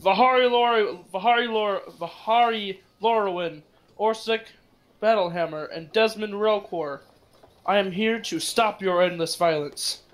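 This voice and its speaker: A man voicing a small, vengeful man in red robes who loudly accuses people of villainy. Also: high-pitched, measured pace, voice pushed up. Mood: accusing. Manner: declaiming, self-righteous accusations.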